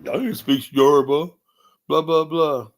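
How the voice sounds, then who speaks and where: A man's voice: fairly high pitch, steady tone, unhurried. A man hosting a livestream, talking in a grumpy, profane, rambling way. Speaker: livestream host. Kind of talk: casual ranting livestream talk.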